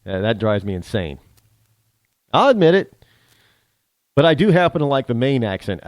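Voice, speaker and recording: A man's voice: medium pitch, big pitch swings, moderate pace, pauses often, dry recording. A man from the northern United States hosting a talk show, chatting alone in a rambling way with many restarts and a northern American accent. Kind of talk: casual solo monologue.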